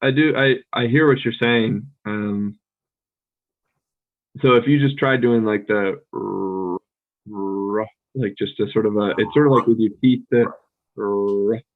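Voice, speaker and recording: An American man co-hosting a podcast, chatting casually with a relaxed, rambling manner full of fillers and restarts. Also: lowish voice, unhurried, narrow, tinny audio. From United States. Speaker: podcast co-host. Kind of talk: casual conversational chat.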